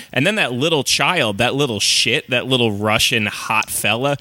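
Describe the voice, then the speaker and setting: A man with a mid-pitched, bright voice, recorded dry and close. He chats loosely on a podcast, rambling with fillers and breaking into laughter. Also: animated, moderate pace, dry recording. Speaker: podcast co-host. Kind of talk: casual comedic chat.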